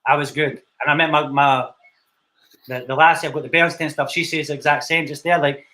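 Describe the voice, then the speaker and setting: A man's voice: fairly high pitch, fairly even intonation, brisk, pushed and bright. A young Scottish man, a film director, telling his story in a casual interview, blunt and swearing freely. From Scotland. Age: young adult.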